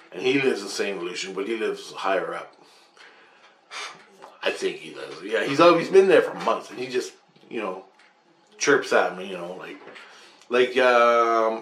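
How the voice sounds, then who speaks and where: A man's voice: lowish voice, fairly bright tone. A man telling a rambling, agitated account of his spiritual experiences, swearing often and repeating himself. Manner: agitated, profane, repetitive storytelling. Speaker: vlogger recounting spiritual experiences. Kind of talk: rambling monologue. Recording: echoey room with faint background hiss.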